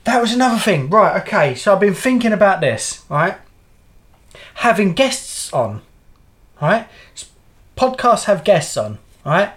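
A man's voice: high voice, very animated, measured pace, fairly bright tone. A middle-aged man, co-hosting a casual podcast chat and rambling through anecdotes while swearing freely. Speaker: podcast co-host.

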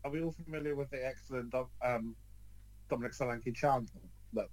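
Deadpan male podcast co-host. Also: mid-range voice, brisk, poor audio. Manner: deadpan, wry jokes. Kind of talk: casual football chat.

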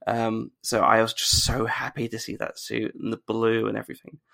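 A man's voice: on the low side, monotone, normal speed, creaky, pushed and bright. A man hosting a podcast in casual chat, moving the talk along. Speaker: podcast host.

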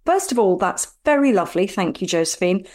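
A middle-aged woman in casual podcast chat, playful and teasing, often breaking into giggles. Her voice sits at an everyday mid pitch for a woman. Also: expressive, brisk, a little mellow. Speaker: podcast co-host.

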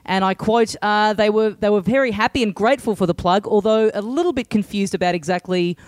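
A man's voice: high-pitched, fairly quick, no echo. A man co-hosting a comedy podcast, chatty and joking, bringing guests in with mock fanfare. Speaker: podcast co-host. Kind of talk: casual comedy podcast chat.

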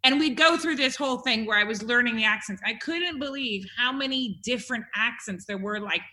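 American woman, podcast co-host, animated storyteller, bright tone. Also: a little high, a little fast. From United States. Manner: animated storyteller, laughs often. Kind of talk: casual chat.

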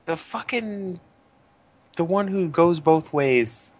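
A man's voice: fairly high pitch, slow pace, highs cut off. A man co-hosting a podcast in casual chat, rambling and swearing freely. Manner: animated, profane, rambling. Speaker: podcast co-host.

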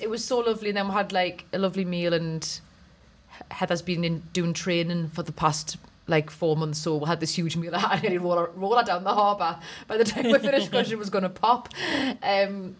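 A woman's voice: mid-range voice, fairly even intonation, normal speed. A woman co-hosting a comedy podcast, telling a long giggly anecdote in casual chat.

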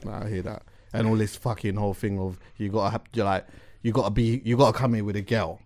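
A man, co-hosting a podcast in animated banter and swearing freely. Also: on the low side, fast talker. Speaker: podcast co-host. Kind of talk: casual chat.

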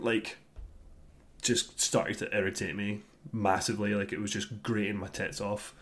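Talking at a moderate pace in a lowish voice, a man in his thirties co-hosts a podcast and casually trashes an album he didn't like. He grumbles and rants with animation, cursing freely throughout the review chat.

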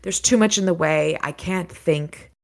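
A dazed, frightened young woman under a spell, giving soft, halting warnings in a higher voice, as a woman reading aloud acts her out. She sounds hushed and haunted. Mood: fearful.

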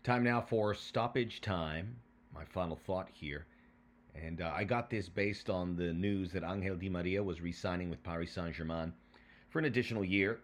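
A man hosting a podcast, chatting casually and telling stories in a lively way, then reading a prepared segment. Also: low-pitched, moderate pace. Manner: lively, animated storyteller. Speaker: podcast host.

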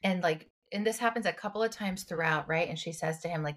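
Podcast co-host lady, clinician, gets emotional talking, slightly low voice. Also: quick pace, few pauses. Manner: emotional, expressive retelling. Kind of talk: casual chat.

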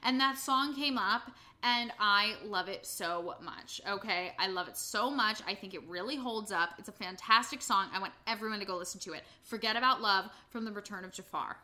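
A woman's voice: medium pitch, normal speed, few pauses, sharp tone. A woman co-hosting a podcast in a bubbly, giggly casual chat, swearing casually. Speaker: podcast co-host.

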